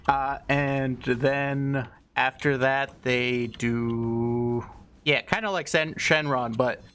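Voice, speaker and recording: A young man talks through a long story in a loose, offhand ramble, stumbling over words and dropping swear words as he goes. His voice sits at an ordinary middle pitch. A faint hiss of noise lingers in the background. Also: steady tone, extremely slow, fairly bright tone. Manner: loose, irreverent, swears freely, many fillers. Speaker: video host. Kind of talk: casual rambling explanation.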